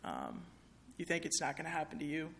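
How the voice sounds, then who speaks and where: A woman's voice: low-pitched, huge pitch swings, fairly quick, vocal fry, a bit bright, slight background noise. A young woman speaking candidly to an audience in a chapel, sharing a personal testimony in a conversational way with many fillers.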